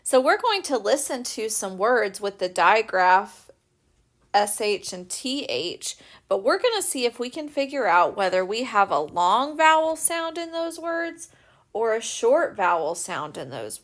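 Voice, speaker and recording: A woman teacher giving a recorded spelling lesson for young children, patiently and clearly sounding out letters. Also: medium pitch, fairly bright tone. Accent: American.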